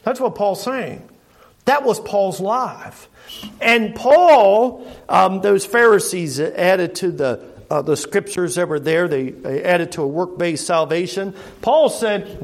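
A middle-aged man delivers an earnest sermon in a notably high voice. He leans on rhetorical questions to the congregation and often circles back, repeating and restarting his phrases as he speaks. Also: slow. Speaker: preacher.

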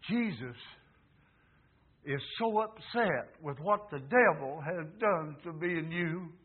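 A man in his seventies preaching a sermon, emphatic, dropping to low murmurs and rising to loud fervent peaks. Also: animated, slow, slightly rough. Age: 70s. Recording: tinny phone-like recording.

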